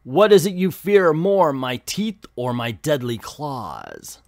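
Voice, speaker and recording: A man's voice: fairly high pitch, wildly swooping pitch, slow, a little mellow, no room sound, studio quality, heavily acted. A man reading the lines of a proud winged alien woman warrior in a defiant, challenging tone.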